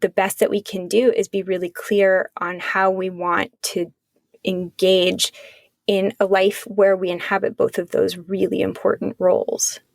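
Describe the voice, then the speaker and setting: Woman, middle-aged, psychologist talking on a podcast, earnest and measured, gravelly, dry close sound. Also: medium pitch, level tone, dry recording. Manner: earnest, measured, speaks in long flowing thoughts. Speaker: podcast co-host and psychologist, author guest. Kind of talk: reflective conversational podcast talk.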